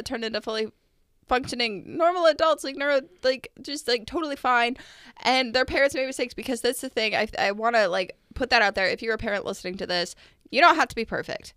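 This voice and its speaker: A young adult woman co-hosting a casual podcast, talking in an earnest, reflective way and quick to laugh. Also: a little high, a bit bright, clean tone, no echo, studio quality. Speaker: podcast co-host.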